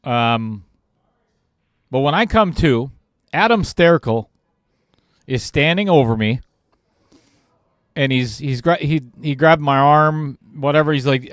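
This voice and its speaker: Male pool commentator, casual self-mocking storyteller, drawn-out delivery. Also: a little high, a bit bright, dry recording, clean studio sound. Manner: self-deprecating storyteller who laughs at himself. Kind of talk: casual anecdote told on air.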